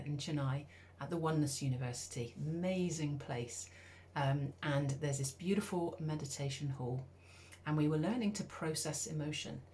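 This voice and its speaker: A middle-aged woman from the UK telling a personal story in a lively, conversational way, acting out her own thoughts. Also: low-pitched, slight background noise. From United Kingdom. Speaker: speaker.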